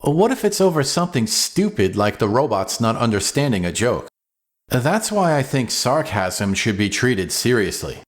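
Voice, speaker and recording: A man's voice: very animated, moderate pace. A man hosting a web design explainer, reading a script with dry, playful humor. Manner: dry, playful humor with sudden pitch jumps. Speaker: web design video host.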